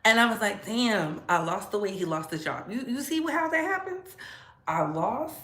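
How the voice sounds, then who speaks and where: A woman's voice: normal speed, roomy sound. A woman hosting a casual livestream, talking with sass and frequent laughter. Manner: sassy, laughs often, animated swings in pitch. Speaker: commentary channel host.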